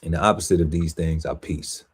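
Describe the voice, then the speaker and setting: A man's voice: a bass voice, steady tone, breathy edge. A man co-hosting a podcast, reading a long list of words aloud and playfully riffing on some of them. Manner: lists words slowly, riffs playfully on them. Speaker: podcast co-host. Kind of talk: reading out a word list with banter.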